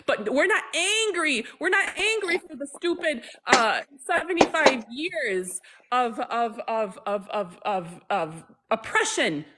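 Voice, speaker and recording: A woman's voice: sits high, animated, slow pace, sharp tone, a little hiss or hum. A Palestinian woman joining a livestream, speaking with emphatic anger and stumbling repetitions. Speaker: livestream guest. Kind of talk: impassioned casual talk.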